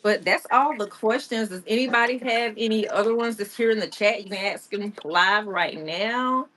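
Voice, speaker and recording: A woman with a fairly high, fairly bright voice speaks at a normal pace over a little hiss or hum. She's hosting a casual live-stream interview, asking questions in a chatty, informal way while often giggling and teasing herself.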